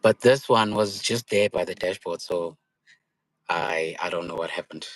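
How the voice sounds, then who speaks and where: A man with a fairly low voice runs a relaxed online language lesson. He breaks words down slowly, repeats them patiently and laughs easily as he coaches. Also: no room sound, low-quality recording. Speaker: isiZulu language tutor. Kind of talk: casual live-stream language lesson. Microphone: phone.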